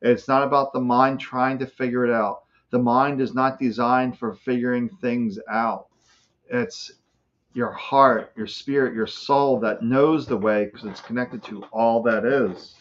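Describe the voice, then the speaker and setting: A man's voice: medium pitch, fairly even intonation, unhurried. A man giving spiritual guidance during a live card-reading stream, in a soothing, reassuring manner. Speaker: psychic reader, co-host. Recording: muffled lo-fi stream audio.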